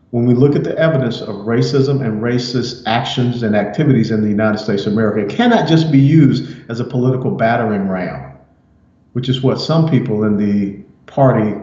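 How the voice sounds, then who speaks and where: A man delivers political opinion commentary in a measured, emphatic way, leaning on key words. His voice is mellow and warm. The recording sounds roomy and a little muffled. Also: medium pitch.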